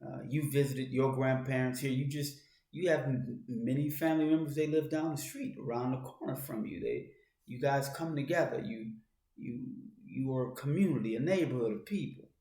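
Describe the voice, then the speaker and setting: In an echoey room, a man with a mid-range voice talks at a moderate pace. His monologue commentary speaks directly to the listener in second person, full of restarted phrases, and it becomes louder and more urgent as it goes.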